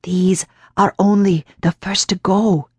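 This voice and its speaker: A woman's voice: medium pitch, fairly even intonation, slow, a little mellow, slightly rough, dry recording. A woman voicing an eerie, muttering old woman who whispers and growls in an audiobook.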